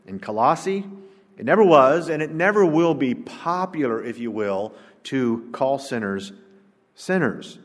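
A man, preaching an emphatic, rhetorical sermon to a congregation, swinging between loud declarations and low asides. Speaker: pastor. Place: church sanctuary, preaching to a congregation. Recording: long church-hall reverb.

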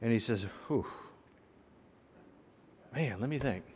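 A man pastor delivers a sermon, acting out the people in his stories with sudden loud bursts and quiet asides. His voice is of middle pitch. A long reverb trails behind him, as in a large church. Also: slow pace, a little hiss or hum. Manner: animated storyteller, voices characters, swings loud and soft. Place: church sanctuary.

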